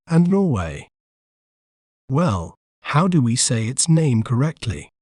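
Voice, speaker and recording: A man's voice: mid-range voice, warm tone, no room sound, clean studio sound. A man narrating a scripted pronunciation lesson, sounding out a word syllable by syllable. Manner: slow syllable-by-syllable pronunciation drills. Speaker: pronunciation guide host.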